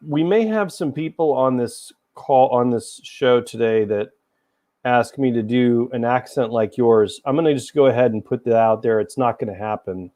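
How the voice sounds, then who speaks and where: A man's voice: mid-range voice, a little mellow. A middle-aged man from Tennessee hosting a casual livestream chat over a video call, chatty and easygoing, laughing often. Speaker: host.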